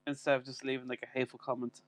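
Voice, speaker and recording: A man's voice: mid-range voice, completely flat delivery, racing, no echo. Teasing man co-hosting a podcast. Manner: joking and teasing, swears. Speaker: podcast co-host. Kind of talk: casual podcast chat.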